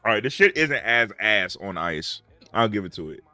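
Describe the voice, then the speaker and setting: Excitable, profane male gamer with AAVE. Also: lowish voice, moderate pace, no room sound, faint music behind. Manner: profane, excitable, bursts into loud outbursts. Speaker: streamer. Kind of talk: casual gameplay commentary.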